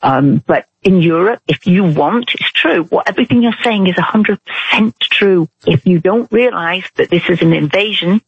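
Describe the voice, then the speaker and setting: A British woman calling in to a talk radio show, speaking earnestly and haltingly, heard over a phone line. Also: fairly low pitch, a little hiss or hum. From Britain. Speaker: caller.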